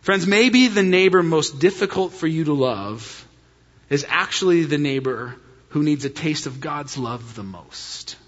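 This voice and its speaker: A middle-aged man preaching a sermon as pastor, telling a story with animated jokes. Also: on the high side, a little slow. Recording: dull sound in a hall with long reverb.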